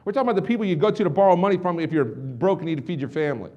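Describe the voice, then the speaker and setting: Fast-talking, intense male motivational speaker. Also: high-pitched, lo-fi sound. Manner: intense, swings from hushed to shouting. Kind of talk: energetic storytelling speech.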